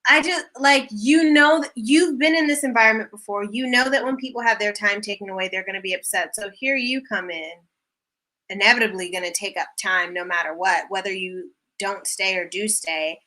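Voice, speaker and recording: A woman with a mid-pitched, bright voice, co-hosting a casual recap show. She sounds sarcastic and exasperated and teases her co-host. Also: brisk. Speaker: podcast co-host.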